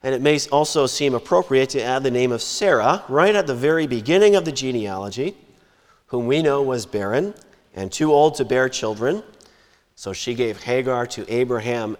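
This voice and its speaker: A man preaching a sermon in a measured, emphatic way, lifting and dropping his voice for stress. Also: medium pitch. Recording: long hall reverb.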